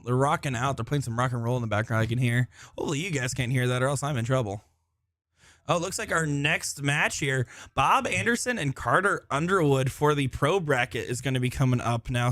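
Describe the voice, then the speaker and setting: This Floridian man gives solo live commentary at a darts tournament in a busy room, chatting with viewers and cracking self-deprecating jokes. His mid-range voice is a bit bright, captured in studio quality with no echo.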